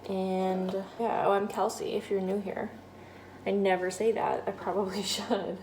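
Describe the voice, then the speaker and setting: A woman in her twenties with a Massachusetts accent, chatting excitedly to camera as a vlogger, full of "like" and exclamations. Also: medium pitch, measured pace, a little hiss or hum. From Massachusetts, USA. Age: 20s. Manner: excitable, heavy use of "like", exclamatory. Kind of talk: casual chat to camera. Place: at home, later in her kitchen.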